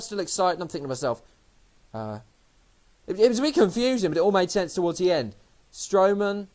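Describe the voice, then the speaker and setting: An excitable man rambles through a wrestling show review in a fairly high voice, cursing casually as he talks. His delivery is loose and unscripted, tumbling from one thought to the next. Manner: excitable, rambling, swears freely.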